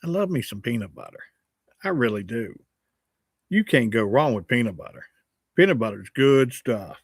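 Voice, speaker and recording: Chatty old radio guy in his sixties hosting a live chat, cracking jokes on himself, dry close sound, medium pitch. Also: expressive, moderate pace, breathy edge, no echo. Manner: joking, chatty and self-mocking. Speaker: livestream host and radio host. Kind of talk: casual livestream chat reading comments.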